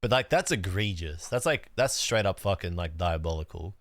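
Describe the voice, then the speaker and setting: A man's voice: low-pitched, lively intonation, normal speed, dry recording, clean studio sound. A young man chatting casually on a livestream while gaming, laid-back and rambling, cursing now and then. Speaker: streamer.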